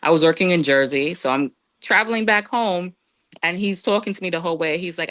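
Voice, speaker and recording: A woman guest on a podcast, telling a personal story in a casual, lively way and acting out what others said. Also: a little fast, no room sound. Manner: lively, acts out quoted voices with big pitch jumps.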